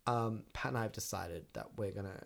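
A man's voice: on the low side, fairly quick, vocal fry. A man co-hosting a podcast, chatty and opinionated, swearing freely in casual chat. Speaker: podcast co-host.

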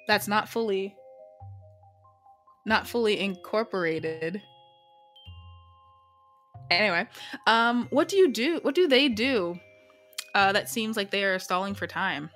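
A woman's voice: medium pitch, expressive, measured pace, long pauses, fairly bright tone, soft background music. A woman playing a solo tabletop role-playing game, narrating and chatting in a casual, profane, self-interrupting way.

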